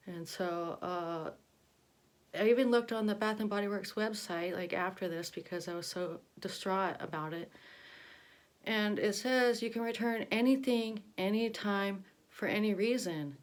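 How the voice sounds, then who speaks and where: A woman's voice: mid-range voice, normal speed. A young woman telling a story in a casual vlog, rambling with many fillers and restarts. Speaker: vlogger.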